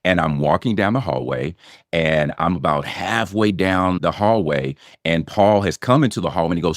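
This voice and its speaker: A man's voice: low voice, fairly quick, dry recording, clean studio sound. A middle-aged man, an actor guest on a podcast, telling an audition story and acting out his own past lines with laughs and swearing.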